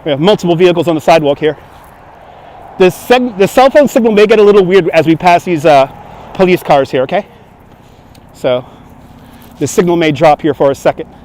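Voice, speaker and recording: A Brooklyn man with a fairly high voice runs a walking livestream on city streets. He is loud and joking and breaks into laughter often, with traffic passing outdoors behind him. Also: a little fast, pauses often. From Brooklyn, New York. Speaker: livestream host. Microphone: handheld phone on gimbal.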